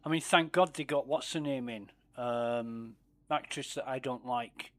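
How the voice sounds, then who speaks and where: A man's voice: mid-range voice, unhurried, fairly bright tone. A man streaming a space game, chatting casually, swearing freely and muttering asides under his breath. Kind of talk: casual gameplay commentary.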